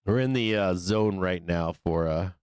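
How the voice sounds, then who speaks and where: A man's voice: deep voice, measured pace, a little mellow, clean tone, dry recording. A man hosting a live trading show, telling a long story in a casual, profane, rambling way, laughing often between lines. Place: studio office.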